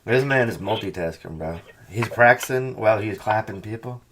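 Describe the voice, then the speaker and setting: A man hosting a podcast in casual chat, talking in a profane, animated, mocking way into a headset or phone mic on a call. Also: fairly low pitch, normal speed, noisy background. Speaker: podcast host.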